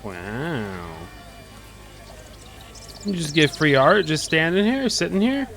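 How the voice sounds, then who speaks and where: A man's voice: on the high side, very animated, takes it slowly, a bit bright, soft background music. A man streaming a video game, joking and curious as he comments on what he sees. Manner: joking, curious, often laughing. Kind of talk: gameplay commentary.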